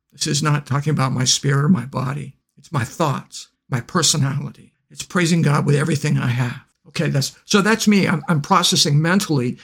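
A man with a slightly high voice teaches scripture in a slow, deliberate way. When he recites verses he drops down close to a murmur. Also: vocal fry, husky. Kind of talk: devotional teaching.

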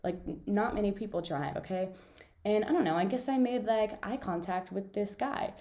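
A woman's voice: medium pitch, moderate pace, dark tone, roomy sound. A young woman hosting her own podcast, chatting casually and telling stories with lots of fillers and giggles. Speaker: podcast host. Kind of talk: casual solo podcast chat.

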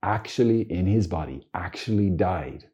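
Deep husky-voiced priest, earnest and joking. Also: male voice, normal speed, lo-fi sound. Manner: earnest and lively with joking asides. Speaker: Catholic priest. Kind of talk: informal teaching talk to camera.

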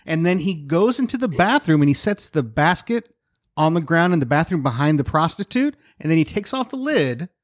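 A man's voice: on the high side, big pitch swings, moderate pace, no room sound, clean studio sound. A man co-hosting a podcast in casual chat, recapping a plot step by step. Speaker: podcast co-host.

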